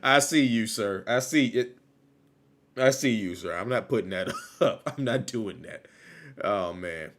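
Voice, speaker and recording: A man hosting a casual livestream, talking loosely and repeating his phrases, still low on energy after an illness. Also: a little slow, a bit bright. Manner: loose, rambling, repeats phrases, laughs easily. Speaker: livestream host.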